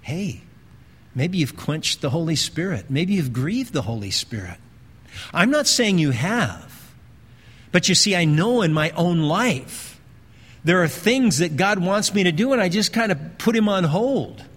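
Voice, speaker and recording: A male pastor preaching a sermon in a conversational way, slowing down and repeating phrases for emphasis. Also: high-pitched, sing-song, a bit bright, husky. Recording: long hall reverb.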